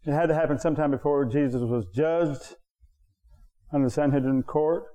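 A man preaching a sermon to his congregation, repeating phrases for emphasis and jumping up in pitch on his key points. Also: normal speed, warm tone. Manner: talks straight to the congregation. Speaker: pastor.

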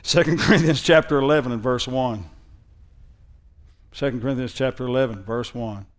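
A man preaching a sermon in a conversational way that builds into loud, emphatic preaching, often using a sarcastic tone. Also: mid-range voice. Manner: reads scripture in a slow, mocking sarcastic tone. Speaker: pastor.

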